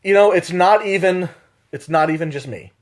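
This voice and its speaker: A man's voice: high-pitched, moderate pace. Profane, joking man chatting on a podcast. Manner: profane, joking, animated storytelling. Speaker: podcast co-host. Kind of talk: casual chat.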